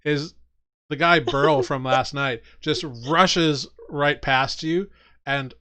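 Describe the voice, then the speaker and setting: A man's voice: a little high, slow pace, sharp tone. A man narrating as game master of a tabletop game, descriptive with many fillers.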